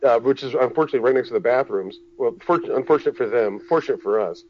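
A man telling a story in a casual, profane, animated way, acting out the people in it. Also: mid-range voice, quick pace, lo-fi sound, a little hiss or hum.

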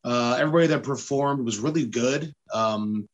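A man's voice: medium pitch, moderate pace, muffled recording. Rambling male podcast storyteller. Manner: rambling storyteller, acts out quotes. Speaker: podcast host. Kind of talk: casual chat.

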